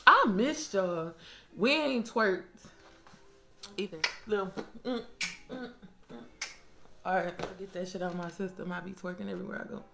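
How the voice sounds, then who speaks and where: A young woman telling a casual storytime on her own mic, animated and slangy, swearing freely and laughing often. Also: mid-range voice, moderate pace, creaky, long pauses, noisy background. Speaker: storytime vlogger. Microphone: own microphone.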